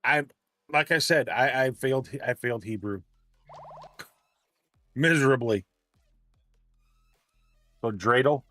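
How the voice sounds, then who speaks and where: A man's voice: mid-range voice, slow, long pauses, sharp tone, no room sound, soft background music. A man chatting casually with his livestream audience, rambling and poking fun at himself as he trips over words. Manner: chatty, self-deprecating, stumbles over words. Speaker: game streamer. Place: home streaming setup.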